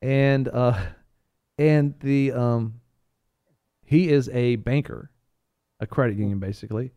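A man on a talk show panel, talking casually in a rambling, animated storytelling way with frequent restarts. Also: mid-range voice, slow pace, smooth, no room sound. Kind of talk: casual chat.

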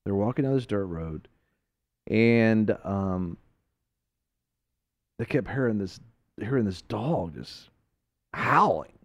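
Animated male radio host, story-driven faith chat, dry close sound. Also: lowish voice, slow pace, pauses often, no echo. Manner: animated storytelling with laughs and acted-out quotes. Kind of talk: casual faith talk with a story.

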